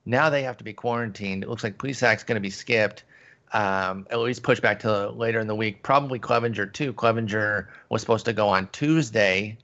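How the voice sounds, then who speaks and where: Gravelly-voiced man hosting a podcast. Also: on the low side, moderate pace, a bit bright, muffled recording. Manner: jokey, rambling, laughs easily. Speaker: podcast host. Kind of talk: casual sports podcast chat.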